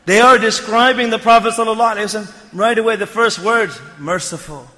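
A man delivers a sermon in a high, bright voice, and his reading of quoted Arabic phrases swells into emphatic near-shouts before he explains them in English. His voice carries a long reverb, as if in a large hall. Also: fast talker. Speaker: preacher.

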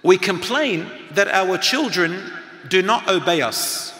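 Bright-voiced man speaking in an echoing hall. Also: sits high, animated, takes it slowly, a little hiss or hum. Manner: engaging, draws the audience in with questions and activities. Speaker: speaker and teacher. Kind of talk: motivational talk to a live audience. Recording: long hall reverb.

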